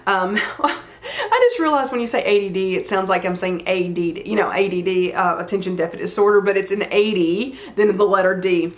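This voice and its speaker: A woman's voice: medium pitch, brisk. Chatty Southern woman telling a story. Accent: Southern American. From United States. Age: 40s. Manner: chatty, many fillers, retells quotes animatedly. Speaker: vlogger. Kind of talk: casual storytelling chat.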